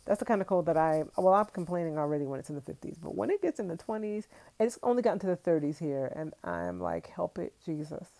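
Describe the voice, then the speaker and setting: A young woman from Brooklyn talks casually on a livestream, reading comments aloud and laughing often. Her voice sits low, with a gravelly rasp and a dark, mellow tone. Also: sing-song, fast. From Brooklyn, New York. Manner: chatty, laughs often, talks to viewers directly. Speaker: vlogger on a livestream.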